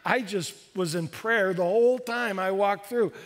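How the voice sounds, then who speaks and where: A man in his fifties, a pastor preaching a sermon with animated, excitable delivery. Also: unhurried. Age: 50s. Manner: animated, bursts into high excited exclamations. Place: church sanctuary. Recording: long church hall reverb.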